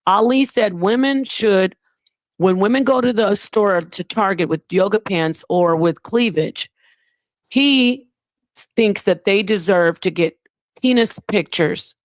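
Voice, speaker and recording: A woman's voice: mid-range voice, measured pace, no room sound. A woman hosting a casual livestream, talking in an emphatic, scolding way. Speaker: livestream host.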